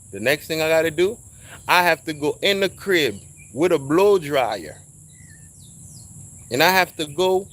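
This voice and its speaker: Animated slangy man telling stories. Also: mid-range voice. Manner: animated, slangy, acts out quoted voices. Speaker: storyteller. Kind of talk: casual storytelling.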